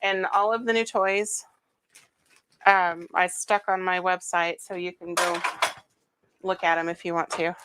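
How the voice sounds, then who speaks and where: A woman's voice: lowish voice, little pitch movement, measured pace, pauses often, very noisy. A woman hosting a casual home cooking stream, chatty and rambling with plenty of fillers. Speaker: home cooking show host. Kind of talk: casual cooking livestream chat. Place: home kitchen.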